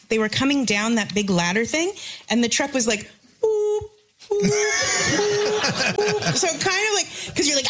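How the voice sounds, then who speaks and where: A woman on a comedy panel who jokes in an animated way and throws in silly sound effects. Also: high voice. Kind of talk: comedic banter.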